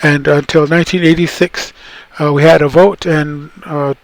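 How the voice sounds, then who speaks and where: A middle-aged man from the Tohono O'odham Nation explains words in a recorded cultural talk. His voice sits a little high for a man and sounds close and dry, with no room around it. He rambles easily, repeating himself and restarting his sentences. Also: little pitch movement, normal speed, no echo, low-quality recording. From Tohono O'odham Nation, southern Arizona. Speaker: cultural presenter.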